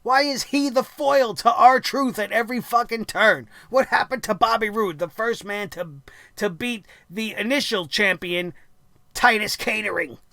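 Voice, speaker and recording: Man, high voice, angry profane rant, wrestling review host, dry close sound. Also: a little slow, creaky, bright, forceful tone, no echo. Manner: angry, profane, sarcastic ranting. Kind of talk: ranting show review.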